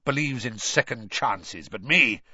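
A man doing a growling, gruff old wizard. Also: mid-range voice, expressive, a little slow, pushed and bright, no echo, exaggerated voice. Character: gruff scarred old male wizard, menacing. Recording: dry, slightly dull recording.

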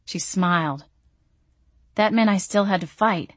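A woman's voice: fairly low pitch, steady tone, normal speed, no room sound. A woman narrating a first-person audiobook in a wry, self-mocking way.

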